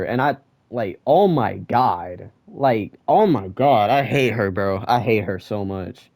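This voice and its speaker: A young man giving a casual manga chapter review, ranting and excitable and full of slang. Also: on the low side, slow pace, long pauses, no room sound, clean studio sound.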